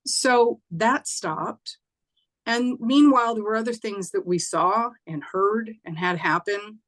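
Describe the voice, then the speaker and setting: A woman telling a personal ghost story in casual chat, acting out what people said in a lifted voice. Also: takes it slowly. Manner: animated, acts out quoted voices with raised pitch; conversational, with fillers and occasional laughs. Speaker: spiritual teacher and host.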